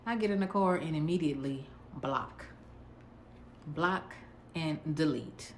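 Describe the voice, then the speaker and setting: A woman vlogger telling a dating story casually, in a sassy, blunt, animated way. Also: sits low, unhurried, a little hiss or hum.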